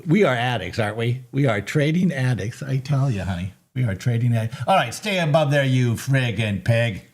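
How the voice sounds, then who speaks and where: A man hosts a casual live trading recap from a home desk. His pitch swings widely as he jokes and gets excited over the charts. He keeps breaking into laughter. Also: moderate pace. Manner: excitable and joking, bursts of laughter. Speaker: host of a live market recap.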